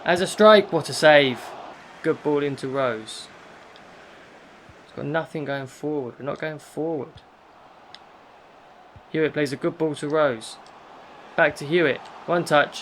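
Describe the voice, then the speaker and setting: A young man commentating live over his football video game, frustrated and exasperated, with sudden loud outbursts. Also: a little high, a little slow, pauses often, a little hiss or hum. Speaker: gaming YouTuber.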